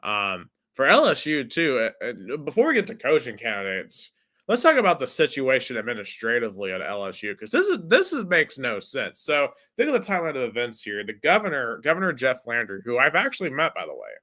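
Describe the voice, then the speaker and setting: A man with a mid-range voice that sounds pushed and bright hosts a casual sports podcast. He's chatty and keeps filling his talk with "like."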